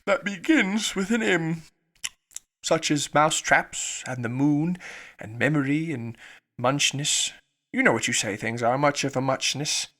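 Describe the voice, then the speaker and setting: A man doing a hoarse sleepy Dormouse. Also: on the high side, a bit bright. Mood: drowsy. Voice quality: hoarse, feeble. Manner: drowsy, hurried then slow, sulky. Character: sleepy, indignant little male dormouse.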